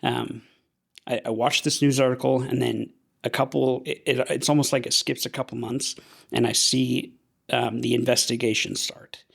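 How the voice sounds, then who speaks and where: A young man from Idaho, a podcast guest, telling a personal story in an earnest, halting way with frequent restarts. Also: medium pitch, little pitch movement, gravelly, fairly bright tone, husky.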